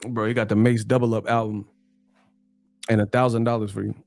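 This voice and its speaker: A man's voice: on the low side, level tone, brisk, creaky, darkish tone, dry recording, faint music behind. Live streamer host, man, loose slangy banter, laughs a lot, dry close sound. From New Mexico, USA. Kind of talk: casual live stream chat reading donations.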